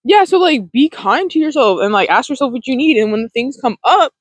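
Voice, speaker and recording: Rambly laid-back self-help vlogger, lots of ums and little laughs, gentle, dead dry sound. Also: high voice, expressive, fairly quick, no echo, low-quality recording. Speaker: self-help video host. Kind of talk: casual talk to camera.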